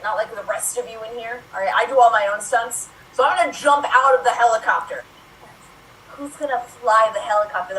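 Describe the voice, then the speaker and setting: A woman's voice: on the high side, bright, forceful tone, roomy sound, distant mic, low-quality recording. A woman playing a cocky male action movie star who brags about doing his own stunts. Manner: boastful, swaggering.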